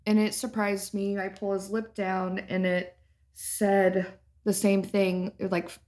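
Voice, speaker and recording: A woman co-hosting a podcast among dental hygienists, telling a patient story in relaxed casual chat and laughing along. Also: medium pitch, slow pace. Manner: relaxed storyteller, laughs at her own stories.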